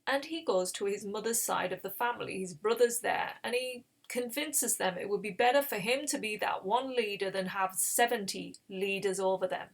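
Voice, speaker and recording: A woman's voice: medium pitch, moderate pace, few pauses. A woman hosting a Bible reading channel, retelling scripture in a casual, conversational way with explanatory asides.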